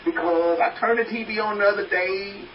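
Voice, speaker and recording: A man's voice: high-pitched, fairly even intonation, normal speed, distant mic, dull audio, close to an everyday voice. A man voicing his elderly mother, a worried woman who keeps refusing to travel out of fear. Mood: fretful.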